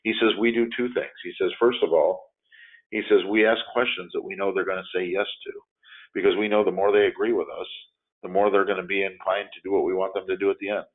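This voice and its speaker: A man's voice: sits low, fast. A man in his fifties giving a training lecture, telling stories and acting out the quotes in them. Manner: animated storytelling, acts out angry quotes. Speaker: de-escalation trainer. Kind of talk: training lecture with role-play examples. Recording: phone-like narrow audio.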